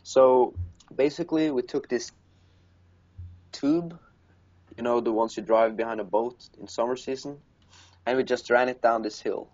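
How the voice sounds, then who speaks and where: A man's voice: medium pitch, unhurried, pauses often, darkish tone. A man from Norway, casually telling profane, laughing stories as a podcast co-host. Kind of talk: casual chat. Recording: dull lo-fi recording.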